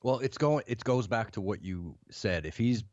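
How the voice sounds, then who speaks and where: A man's voice: on the low side, lively intonation, normal speed, a little mellow, no room sound, highs cut off. A man co-hosting a casual podcast, asking questions and agreeing with short yeps. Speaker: podcast co-host. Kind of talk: casual wrestling chat.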